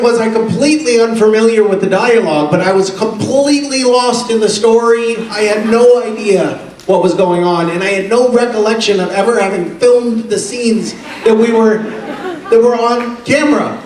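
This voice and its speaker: A man's voice: normal speed, a little hiss or hum. Guy on a con panel telling stories, laughing a lot, echoey hall, mic kinda far off. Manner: animated, laughing, drops into a deep gravelly put-on voice for quotes. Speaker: convention panel guest. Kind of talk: casual storytelling on stage. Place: convention hall stage.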